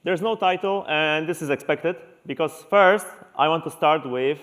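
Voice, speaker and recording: A man's voice: on the high side, moderate pace, a bit bright. Man from Poland opening a tech talk. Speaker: conference speaker. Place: large conference hall.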